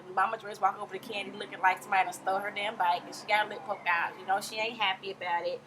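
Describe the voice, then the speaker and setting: Woman vlogger, casual gossip, blunt slang, bright tone, faint background hiss. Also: medium pitch, fairly even intonation, rapid-fire, few pauses. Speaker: TV recap vlogger. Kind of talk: casual chat.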